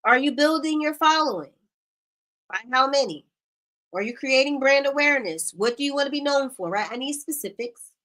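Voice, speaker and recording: A woman coach hosting a live group video call, animated and casual, laughing often and using slang. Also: sits high, moderate pace. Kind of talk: lively casual coaching talk.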